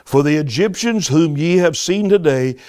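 Emphatic preacher man, higher voice. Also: lively intonation, moderate pace, a little mellow. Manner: emphatic, exhorting, with repeated interjections to the audience. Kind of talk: sermon with scripture reading.

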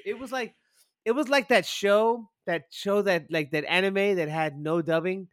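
A man co-hosting a podcast in casual chat, excitable and rambling, swearing often. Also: high voice, normal speed, no room sound. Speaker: podcast co-host.

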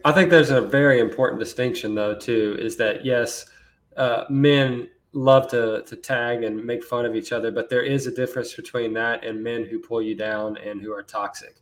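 A man co-hosting a podcast, offering earnest and measured advice in an ordinary mid-range voice. He talks with steady sincerity. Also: medium pitch. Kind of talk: casual chat.

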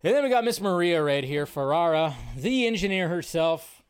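A man hosting a live film news show, giving animated, sarcastic commentary and ranting as he goes. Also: on the high side, moderate pace, smooth.

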